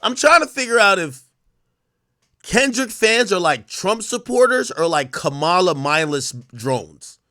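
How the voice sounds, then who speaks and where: A man in his thirties rants to his live chat, profane and mocking and quick to laugh. His voice sits a little high and swings widely in pitch. The tone is bright, and the sound is close and dry. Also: big pitch swings, no room sound. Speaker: livestream host. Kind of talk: casual rant to a live chat.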